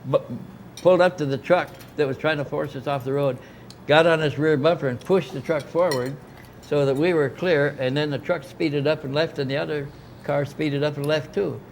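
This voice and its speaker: A man's voice: on the high side, fairly even intonation, moderate pace, a little hiss or hum. An older man, a guest at a club gathering, telling a long anecdote in casual conversation, with many restarts and asides. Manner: rambling, anecdotal, frequent restarts. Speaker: interview guest. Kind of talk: casual storytelling. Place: club dining room.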